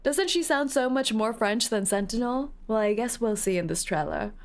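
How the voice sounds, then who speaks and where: A woman's voice: fairly high pitch, expressive, moderate pace. Playful giggly woman streamer. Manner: playful, giggly, teasing, reading chat aloud. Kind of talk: casual live-stream chat while playing a game.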